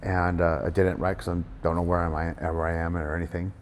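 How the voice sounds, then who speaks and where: Brief: middle-aged male guest, low voice, quick talker, reverberant room. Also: a little hiss or hum. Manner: animated storyteller, acts out quoted voices, many fillers. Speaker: guest wrestler. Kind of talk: casual storytelling interview. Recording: hall reverb.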